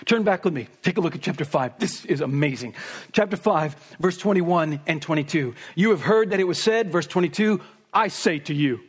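A man preaching an expository sermon, speaking emphatically and building to forceful peaks on repeated phrases. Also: a little high, animated, normal speed, breathy edge.

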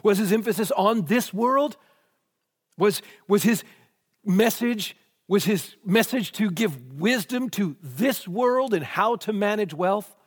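A man's voice: high-pitched, expressive, slow pace, slightly rough, in a large hall. Man preaching with rhetorical questions. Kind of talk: sermon.

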